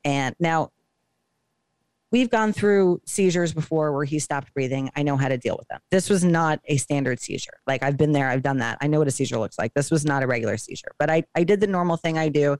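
Brief: middle-aged woman, podcast co-host, animated storyteller, dry close sound. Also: low voice, fairly quick, dry recording. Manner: animated, dramatic retelling. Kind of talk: casual storytelling.

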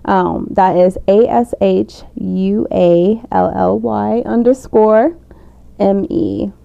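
A woman's voice: medium pitch, steady tone, takes it slowly, vocal fry, dark tone. A woman chatting casually as a podcast guest, talkative and full of fillers and laughs. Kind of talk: casual chat. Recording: dull lo-fi recording.

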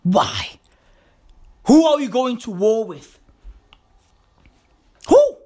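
A woman's voice: fairly high pitch, big pitch swings, drawn-out words, dark tone. A woman with a South African accent delivering a profane, slangy comic rant with mocking, emphatic repetition.

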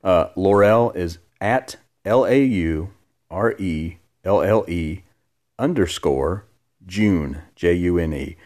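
A man's voice: sits low, slow, a little mellow. A man hosting a casual podcast from his living room, joking and rambling as he answers listener questions. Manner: joking, rambling, self-deprecating. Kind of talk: casual chat.

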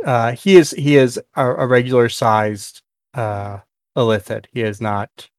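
A man's voice: medium pitch, steady tone, a little slow, no echo, studio quality. A man narrating a tabletop game as game master, hesitant with many fillers and restarts.

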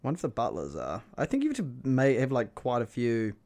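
A man's voice: medium pitch, huge pitch swings, brisk, a little mellow, no echo. A man co-hosting a casual podcast, joking around and trailing off into fillers. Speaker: podcast co-host.

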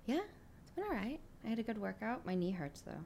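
A woman chatting on a podcast, answering briefly and in a low-key way. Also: big pitch swings, quick pace, creaky, a little mellow. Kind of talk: casual podcast chat.

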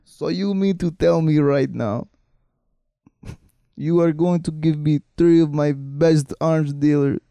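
A man's voice: on the high side, slow pace, creaky, mellow, no room sound. A man putting on a smug male Russian leader bargaining over the phone, in a mock Russian accent and broken English. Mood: gloating. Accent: put-on Russian. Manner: mocking, gloating, broken English.

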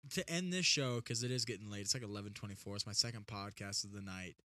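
A man with a bright, forceful voice hosts a casual podcast. He is chatty and encouraging. The sound is dry and close to the mic. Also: on the low side, fast talker, no room sound. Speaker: podcast host.

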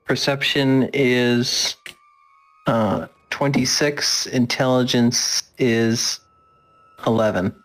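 A man's voice: medium pitch, fairly even intonation, very slow, fairly bright tone, a little hiss or hum. A man playing in a tabletop game, talking casually and hesitantly with lots of ums. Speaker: player.

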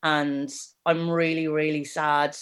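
Earnest woman, measured podcast talk. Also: deep voice, little pitch movement, smooth. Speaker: podcast co-host and story reader. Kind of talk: casual podcast discussion.

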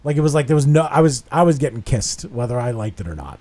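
A man in his thirties spins a long, rambling anecdote in casual banter with a friend. He talks in an animated, self-mocking way, with plenty of cursing and mid-range pitch. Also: fast talker. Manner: profane, self-deprecating, animated storytelling. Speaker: podcast co-host. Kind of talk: casual storytelling chat.

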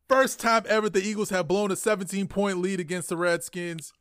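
A man co-hosting a casual podcast, telling a story animatedly and swinging between muttering and excited outbursts. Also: sits high, fairly quick, hardly any pauses, clear, resonant tone, dry recording. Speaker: podcast co-host. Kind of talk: casual chat.

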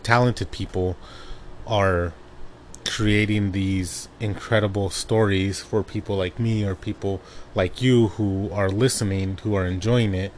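A young man from Arizona rambles through a relaxed personal monologue from home, his voice sitting fairly low. He drifts between memories and often laughs as he talks. A faint hiss of noise runs under his desk mic. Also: a little slow. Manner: rambling, laughs often while telling stories. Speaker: podcast host. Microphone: own desk microphone.

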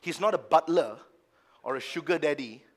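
A man preaching a sermon as pastor at a church service, swinging from hushed low asides to loud, emphatic passages and mocking the excuses of doubters. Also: animated, moderate pace. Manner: acts out the lines of doubters in a mocking tone.

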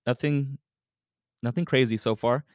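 A man hosts his podcast with a casual, meandering storytelling manner, sprinkling in profanity and "you know" fillers. His voice is smooth and clear at an ordinary pitch. The sound is dry and close, with no room echo. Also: fairly even intonation, unhurried. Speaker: podcast host.

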